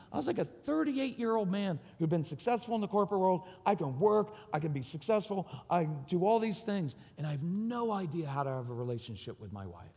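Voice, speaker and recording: A man's voice: sits high, big pitch swings, a little fast, few pauses, a little mellow, husky. A man giving a candid, personal talk at a conference, acting out bits of dialogue as he tells his stories. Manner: candid, acts out quoted dialogue. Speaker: conference speaker on parenting and marriage. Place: conference hall. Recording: long reverb of a large hall.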